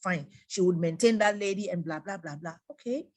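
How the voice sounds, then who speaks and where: A middle-aged woman, giving religious advice to a gathering through an animated story, repeating phrases for emphasis. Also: lowish voice, a little fast. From Ghana. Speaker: guest speaker.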